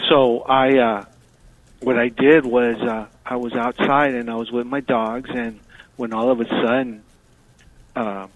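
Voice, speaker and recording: A man from South Texas calling into a radio show, speaking haltingly with many pauses. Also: medium pitch, no room sound. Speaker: caller. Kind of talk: call-in radio chat. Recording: dry, tinny phone line.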